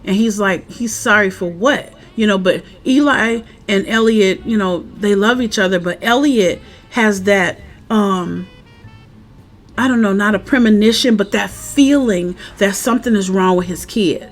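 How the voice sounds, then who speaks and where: A woman, a parent, chatting casually outdoors in the wind as she recaps a TV episode and acts out the characters' lines with animated energy. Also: medium pitch, a little slow, faint music behind. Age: adult parent. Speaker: show recap vlogger. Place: outdoors, windy.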